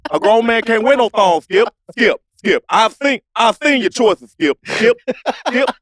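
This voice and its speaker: A man doing a loud, lecturing, scolding man. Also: high voice, animated, measured pace, no room sound, studio quality, voice pushed up, exaggerated voice. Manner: repetitive, emphatic and lecturing.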